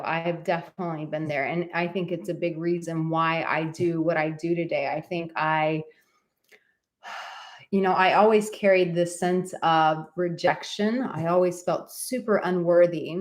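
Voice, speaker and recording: A woman relationship coach in casual live-stream chat from a relative's home, bubbly and talkative, reading out viewer comments. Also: fairly low pitch.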